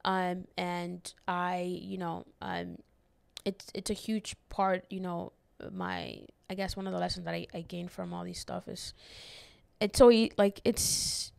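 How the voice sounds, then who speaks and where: A woman's voice: on the low side, steady tone, measured pace, vocal fry, a little mellow, clean tone, no echo. A young woman hosts her own podcast and rambles through a personal reflection, full of fillers and false starts. She sounds tearful and a little fried in her voice. The recording is dry and close, with no room sound. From immigrant who moved to the United States as a child. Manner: rambling, many fillers and restarts, gets emotional. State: tearful, near crying. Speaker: podcast host.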